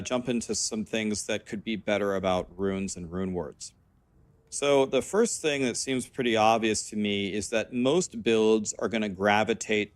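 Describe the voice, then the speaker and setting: A man commenting on gameplay in an explanatory, measured way, a little hoarse as he says he is losing his voice. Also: lowish voice, dry recording. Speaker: game video narrator.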